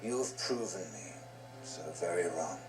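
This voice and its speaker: A proud, stern merchant patriarch who speaks solemnly and deliberately. His low voice rises and falls expressively. The clip sounds roomy, with clear music underneath. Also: expressive. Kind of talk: TV drama dialogue.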